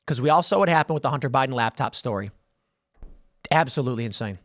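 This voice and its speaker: A man's voice: medium pitch, fast talker, dry recording, clean studio sound. A man hosting a solo political commentary show, telling stories sarcastically and mocking the people he quotes. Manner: sarcastic, animated storytelling with mocking quoted voices.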